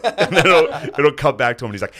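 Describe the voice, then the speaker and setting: A man's voice: fairly high pitch, sing-song, fast, a crowd in the background. A man co-hosting a comedy podcast, teasing his friend and riffing on jokes. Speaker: podcast co-host. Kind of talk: casual comedic chat.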